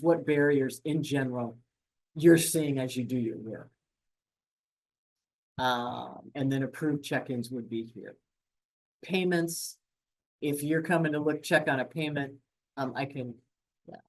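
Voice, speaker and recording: Fast-talking grants portal presenter. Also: medium pitch, a little mellow. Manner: fast-talking with many fillers and restarts. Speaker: grants administration staff presenter. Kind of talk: webinar screen-share walkthrough.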